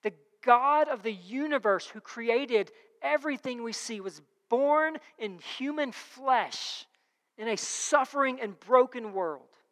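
A woman's voice: on the high side, lively intonation, slow pace, fairly bright tone, big-room sound. A woman preaching a sermon in a conversational way, repeating key phrases and reading scripture aloud.

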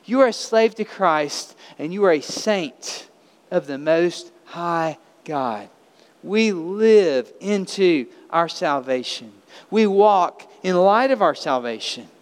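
A man's voice: high voice, expressive, slow pace, smooth. Emphatic man preaching in a reverberant church. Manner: earnest, emphatic preaching with rhetorical questions. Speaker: pastor. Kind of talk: sermon. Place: church sanctuary. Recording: long hall reverb in a church.

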